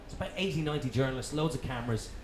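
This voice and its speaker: An Irish man, a radio presenter guesting on a live comedy chat show, telling animated stories and swearing freely. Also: mid-range voice, very fast. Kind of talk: live anecdotal storytelling. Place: comedy club venue with live audience. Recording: echoey club room with audience noise.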